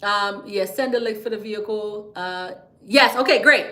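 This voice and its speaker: This livestream host, a chatty woman with a bright, fairly high voice, teaches business credit at a moderate pace in an echoey room. She's playful, laughs a lot, and whispers her tips to viewers.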